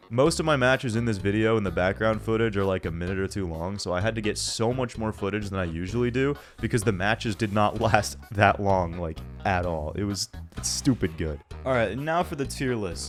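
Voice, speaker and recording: A young man with a stuffy, nasal voice from a cold, rambling casually in slang as he reviews a video game for his channel. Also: fairly low pitch. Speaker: gaming YouTuber.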